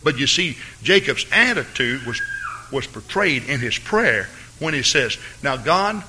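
A man preaching a fervent sermon as pastor of his church, rising to excited peaks. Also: mid-range voice, measured pace, noisy background.

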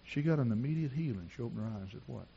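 A man preaching a sermon in a church, telling personal stories and rising to shouts at the climax. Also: mid-range voice, animated, very fast, gravelly, dull audio, slight background noise. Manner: storytelling preacher who builds to shouting.

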